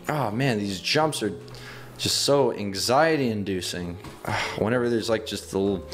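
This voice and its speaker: A young man hosting a gaming video, giving excitable running commentary and yelping and laughing as he plays. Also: medium pitch. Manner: excitable, yelps and laughs while playing.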